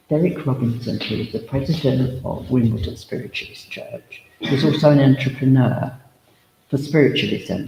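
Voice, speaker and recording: With a creaky, dark-toned voice of medium pitch, this medium leads a humorous, talkative demonstration at a village hall service, wandering into asides and anecdotes. The hall adds echoey reverb, and there's faint background noise.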